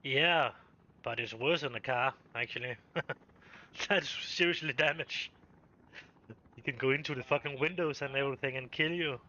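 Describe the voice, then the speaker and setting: A man's voice: mid-range voice, moderate pace, long pauses, pushed and bright, lo-fi sound. Man chatting on stream. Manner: hesitant, many fillers and restarts. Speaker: game streamer host. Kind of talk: casual chat while gaming.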